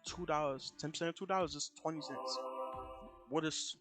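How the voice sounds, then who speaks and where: Young american streamer rambling thru a story, keeps repeating himself, music loud-ish behind. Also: male voice, fairly high pitch, moderate pace. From United States. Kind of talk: casual storytelling.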